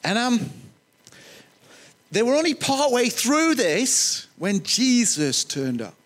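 A man preaching a sermon, animated, with joking, self-deprecating asides. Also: extremely high pitch, slow pace.

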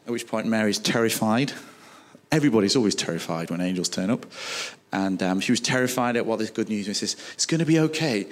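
A man preaching a sermon, telling a Bible story with animated delivery and acting out the dialogue. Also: lowish voice, fast talker.

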